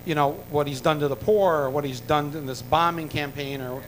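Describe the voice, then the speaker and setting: An American man tells a long, rambling story to a crowd, full of ums, restarts and dry asides. His voice sits a touch high for a man. A faint rumble runs underneath. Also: fairly quick, low-quality recording. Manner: rambling, full of fillers and restarts, wry jokes. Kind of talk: rambling anecdote told to an audience.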